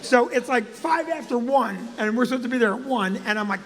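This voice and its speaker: A man, a comedian and co-host, telling a funny story in an animated, profane way. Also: extremely high pitch, fairly quick, in a large hall. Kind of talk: comic storytelling.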